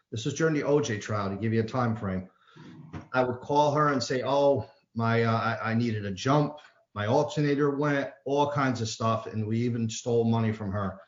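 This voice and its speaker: A man's voice: mid-range voice, fairly bright tone. Earnest man telling a recovery story. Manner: plain, earnest storytelling with frequent restarts. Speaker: AA speaker. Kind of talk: reading and personal recovery story. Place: meeting room. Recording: dull, roomy meeting-hall sound.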